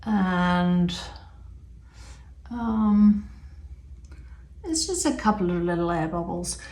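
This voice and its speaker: Speaking slowly in a low, mellow voice, a woman shows a resin art craft step by step, chatting and thinking aloud with the occasional um. The recording carries a roomy echo.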